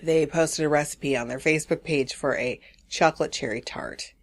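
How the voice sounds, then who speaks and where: A woman in her forties co-hosting a podcast, telling animated stories and swearing freely in casual chat. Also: deep voice, normal speed. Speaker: podcast co-host.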